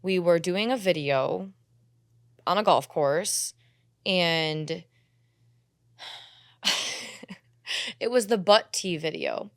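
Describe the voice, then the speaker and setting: Young woman telling a wild story, animated. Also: lowish voice, extremely slow, long pauses, no echo, clean studio sound. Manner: animated storytelling, swearing, acts out her own quotes. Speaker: podcast co-host. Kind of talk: candid casual chat.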